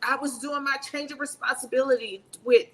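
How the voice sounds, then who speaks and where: A woman in her fifties, a retired Army sergeant major, telling stories in a casual interview, animated and laughing as she talks. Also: high voice, brisk, slight background noise, poor audio.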